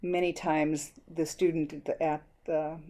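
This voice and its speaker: A middle-aged woman presents a lesson on reading instruction in a low, mellow voice. She explains each step clearly and slips into her classroom prompts as she demonstrates them. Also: little pitch movement, unhurried. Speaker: educator presenting a reading method. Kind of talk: teaching presentation.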